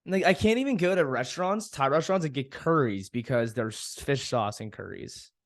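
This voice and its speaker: A man's voice: mid-range voice, lively intonation, normal speed, dry recording, clean studio sound. A young man hosting a podcast, talking casually and frankly, venting with frequent swearing and laughing at himself. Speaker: podcast host. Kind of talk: casual solo podcast monologue.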